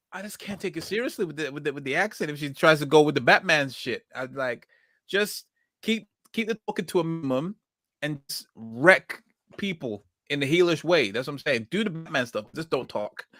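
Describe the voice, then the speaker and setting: A man's voice: on the high side, animated, normal speed, bright, forceful tone, no room sound, studio quality. A man hosting a casual podcast chat and reading comments aloud, rambling and hesitant, restarting his sentences often. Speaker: podcast host.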